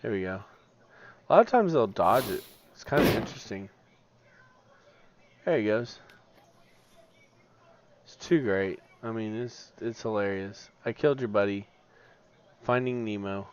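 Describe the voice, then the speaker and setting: A sleepy, yawning man streaming a game, mostly mumbling quietly to himself as he plays, with sudden loud laughing bursts. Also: fairly low pitch, measured pace, long pauses. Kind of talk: casual gameplay commentary. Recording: dull lo-fi stream audio, faint noise.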